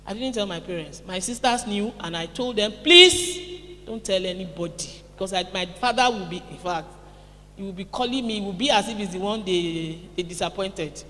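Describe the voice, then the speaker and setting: Bright-voiced Nigerian woman in an echoey hall. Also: medium pitch, moderate pace. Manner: lively, calls out to the audience. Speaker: seminar speaker. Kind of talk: motivational conference talk. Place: conference hall.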